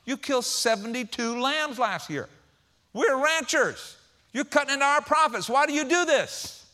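A man's voice: extremely high pitch, expressive, moderate pace, pushed and bright, pitched above the performer's own voice, exaggerated voice. A man voicing a young son who keeps the ranch books, urgently lecturing his father.

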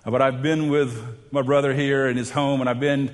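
Pastor in an echoing church. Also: male voice, mid-range voice, flat delivery, moderate pace. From Savannah, Georgia. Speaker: pastor introducing a guest. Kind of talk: church introduction. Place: church sanctuary. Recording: long church hall reverb.

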